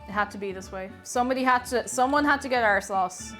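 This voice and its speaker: A woman's voice: fairly high pitch, quick pace, pushed and bright, soft background music. A woman streamer in casual live-stream chat, greeting viewers by name and playfully repeating phrases while she works in her home kitchen.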